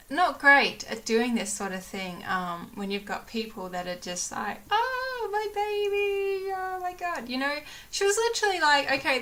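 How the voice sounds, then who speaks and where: Bright-voiced chatty woman vlogger. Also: medium pitch. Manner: rambling, lots of ums, gets emotional retelling stories. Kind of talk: casual chat.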